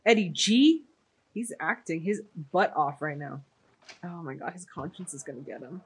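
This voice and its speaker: A woman's voice: sits low, expressive, moderate pace, slight background noise. A young woman hosting a movie reaction, chatting casually and exclaiming at the film.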